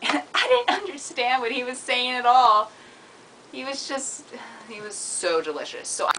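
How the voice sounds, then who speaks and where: A woman's voice: medium pitch, moderate pace, sharp tone, a little hiss or hum, low-quality recording. A woman with a Mid-Atlantic American accent, chatting to camera in a giggly, self-deprecating way. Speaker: vlogger. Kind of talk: casual chat to camera.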